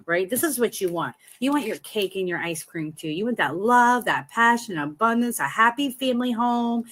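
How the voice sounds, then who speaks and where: A woman with a slightly high voice hosts a live tarot reading from her home. She talks to viewers in a chatty, encouraging way and reassures them as she goes. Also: big pitch swings, brisk, hardly any pauses, a bit bright. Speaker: tarot reader.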